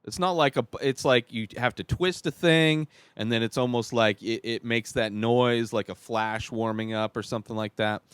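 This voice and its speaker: Male host, mid-pitched smooth voice, dry close sound, rambling critical movie-review chat. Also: no room sound. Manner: rambling, halting, many restarts and fillers; exasperated, critical. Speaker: podcast host reviewing a film. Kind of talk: casual spoken movie review.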